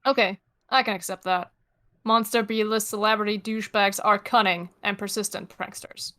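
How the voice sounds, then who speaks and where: A woman reading a webcomic's chat lines aloud as a cocky teenage boy, flat and sardonic. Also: medium pitch, normal speed, natural voice.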